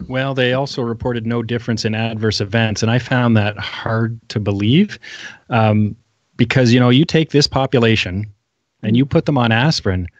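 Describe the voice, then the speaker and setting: A man on a medical panel critiquing studies in a wry, animated way, laughing often and making quick asides. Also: medium pitch, no echo. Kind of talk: casual panel discussion. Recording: dull lo-fi sound.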